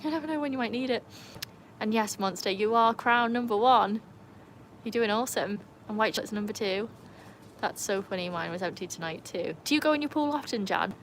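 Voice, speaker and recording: A woman hosting a livestream from her home with a pool talks casually and says hello to viewers by name. Her medium-pitched voice runs a little fast, with an accent mixing Birmingham and North Wales English. The recording is rough, with slight background noise.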